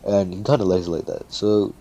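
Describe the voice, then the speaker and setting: A man with a deep, low voice tells a fan-made story in a loose, casual way. He swears freely and keeps tossing in fillers as he goes. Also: steady tone, moderate pace, mellow. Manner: loose and profane, with frequent fillers.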